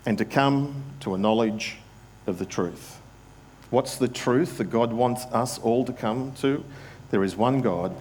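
A man's voice: lowish voice, a little mellow, slight background noise. A man, a pastor, preaching an earnest sermon and putting direct questions to his congregation.

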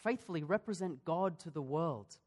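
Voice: mid-range voice, animated, moderate pace, darkish tone. A pastor preaching a sermon in a church, in a conversational way, asking the congregation questions and often restarting his sentences.

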